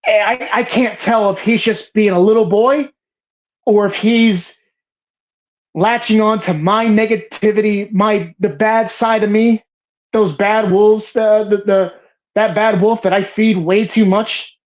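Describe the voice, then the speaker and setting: A woman hosts a casual film show, gushing and cursing as her thoughts tumble out in restarts. Her pitch sits in an ordinary middle range. The recording has a slightly muffled, lo-fi quality. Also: steady tone, measured pace, a little mellow. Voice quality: emphatic, profane, rambling with restarts. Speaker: host of a movie bracket show. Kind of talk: casual, passionate film talk. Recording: slightly dull lo-fi sound.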